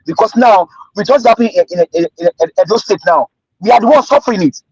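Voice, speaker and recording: A man's voice: sits high, lively intonation, quick pace, darkish tone, breathy edge, no room sound, lo-fi sound. A Nigerian man calling in to a livestream. He often repeats and restarts his words. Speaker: caller. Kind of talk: call-in livestream talk.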